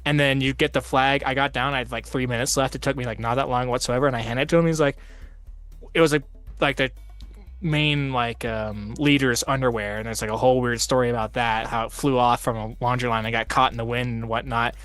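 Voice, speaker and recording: A man's voice: mid-range voice, steady tone, brisk, fairly bright tone, smooth, no echo, soft background music. Rambling man in casual gaming chat. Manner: rambling storyteller, heavy use of "like". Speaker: host of a tabletop game stream.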